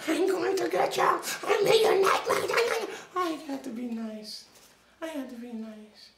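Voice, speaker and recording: A woman's voice: very high voice, big pitch swings, unhurried, vocal fry, fairly bright tone, exaggerated voice. A woman acting as a restless little kid stuck indoors, chattering in a childish sing-song and whining. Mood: playful. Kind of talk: comedic character vlog. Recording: echoey room, distant mic, faint noise.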